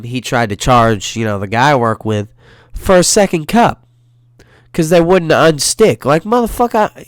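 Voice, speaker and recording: A young man with a stuffy nose ranting alone in his bedroom for a solo podcast, swearing and flaring into loud outbursts. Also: medium pitch, smooth, no room sound, studio quality. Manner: profane, heated ranting with sudden loud outbursts. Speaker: podcast host.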